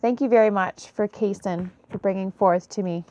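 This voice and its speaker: A tired woman giving a late-night intuitive reading to her viewers, soft-spoken and apologetic. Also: mid-range voice, fairly even intonation, normal speed, highs cut off. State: tired, yawning. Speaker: intuitive reader.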